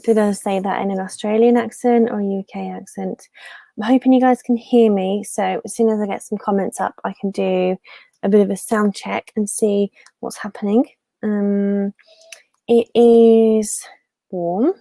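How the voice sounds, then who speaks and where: A young woman chats loosely on a home live stream. She rambles and restarts in a soft, mellow voice. The sound is dry and close. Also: mid-range voice, steady tone, measured pace, vocal fry, no echo. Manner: chatty and rambling, with many fillers and restarts. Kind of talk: casual live stream chat.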